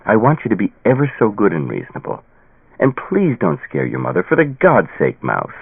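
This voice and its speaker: A man's voice: fairly low pitch, huge pitch swings, a little fast, gravelly, breathy edge, no room sound, exaggerated voice. A man voicing a tired, patient father pleading with his daughter in an audiobook. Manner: pleading, patient, sometimes stern. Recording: tinny phone-like dry sound.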